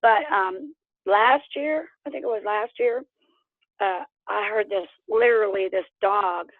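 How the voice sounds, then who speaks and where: A woman from Oklahoma tells her story as an interview guest, animated and quick to laugh, voicing the people in it. Her voice comes through a thin, phone-like line with no room sound. It is pitched in the middle for a woman. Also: no echo. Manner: animated, laughs often, acts out quotes. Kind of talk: casual storytelling.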